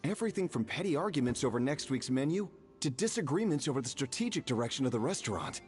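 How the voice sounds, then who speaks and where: Brief: male actor as a chef with a hammy French accent, lively pitch. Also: fast talker, soft background music, lightly acted. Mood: telling. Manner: exaggerated put-on French accent. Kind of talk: video game voice acting.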